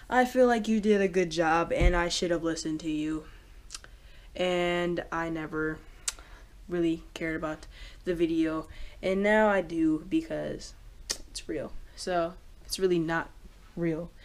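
A woman vlogging casually, rambling with many fillers and getting excitable. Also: on the low side. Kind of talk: casual reaction vlog.

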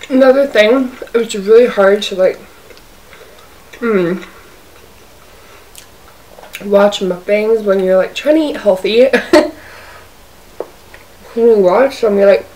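Recorded by a distant, zoomed-out camera mic with faint hiss, a woman films a mukbang in her apartment. She speaks slowly in a mid-range, darkish voice, pausing often, and her chatty rambling is full of "like."

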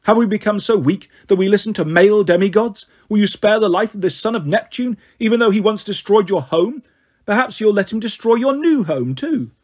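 Man as an old deposed warrior queen, taunting and scheming, raised pitch, husky. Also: expressive, brisk, darkish tone. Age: older. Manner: mocking, taunting.

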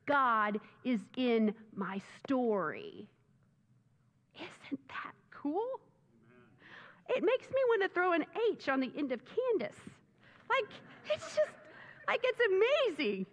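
Woman pastor preaching, high voice, slow and excited, echoey dull church sound. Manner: animated, enthusiastic preaching with rising exclamations. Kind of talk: sermon. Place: church sanctuary.

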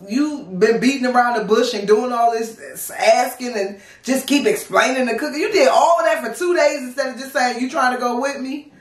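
A woman in her thirties with a DC-area accent, telling a casual storytime in a blunt, profane, animated way and acting out the dialogue. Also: fairly high pitch. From Washington DC area. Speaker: vlogger. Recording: roomy, mic at a distance.

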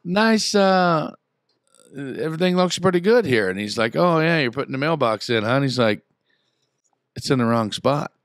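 A man's voice: fairly high pitch, animated, moderate pace, no echo, clean studio sound. A man in his thirties with a Southern Indiana accent, telling a long story in casual chat with his podcast co-hosts. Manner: rambling storyteller, acts out quotes. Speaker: podcast co-host.

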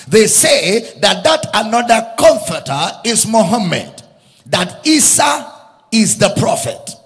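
Man preaching in a lively sung cadence. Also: high-pitched, big-room sound. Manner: emphatic, repeats lines, rises into sung preaching cadence. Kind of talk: sermon.

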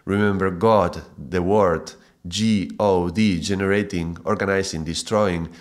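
A male yoga and mantra teacher giving a spoken video lesson, reflective and thoughtful, breaking now and then into excited, laughing bursts. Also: low voice, unhurried.

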